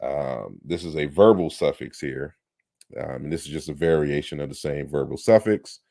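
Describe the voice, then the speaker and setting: A man's voice: a bass voice, normal speed, creaky, dark tone, no echo, clean studio sound. A man giving an online lecture on word comparisons, explaining patiently and turning combative toward critics. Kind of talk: online lecture on historical linguistics.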